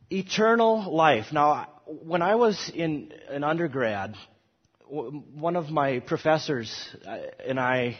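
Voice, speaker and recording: A man lectures on scripture with emphasis, his pitch climbing when he quotes verses, and he often restarts his sentences. His voice is a little high and husky. The recording is dull and carries a long hall reverb. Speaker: Bible teacher. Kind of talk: classroom Bible lecture.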